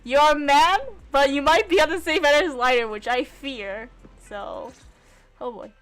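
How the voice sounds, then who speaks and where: Excitable young woman streaming a game. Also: high-pitched, a little slow, music in the background. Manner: excitable, gushing, swears freely. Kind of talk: casual gameplay commentary.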